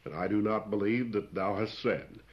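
Low-voiced male preacher, plain and deliberate, pauses often, on a muffled old recording. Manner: plain-spoken, explains old scripture wording, frequent "uh" pauses. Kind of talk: expository sermon. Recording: dull lo-fi recording.

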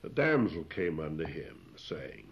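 Low-voiced male preacher, plain and deliberate, pauses often, on a muffled old recording. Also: very animated, vocal fry. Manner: plain-spoken, explains old scripture wording, frequent "uh" pauses. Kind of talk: expository sermon. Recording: dull lo-fi recording.

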